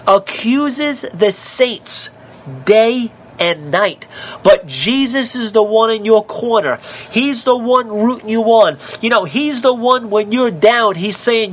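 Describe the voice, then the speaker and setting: A middle-aged man speaking as a minister on a talk show, earnest and conversational. His voice has a husky edge. He tells stories and addresses the host directly. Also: high voice, slow. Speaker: minister and guest. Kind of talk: conversational preaching.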